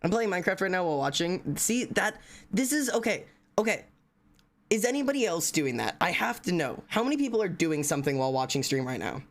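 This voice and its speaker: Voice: mid-range voice, sing-song, brisk. Tired, foul-mouthed streamer rambling. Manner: profane, rambling, jokey. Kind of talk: casual live-stream chat.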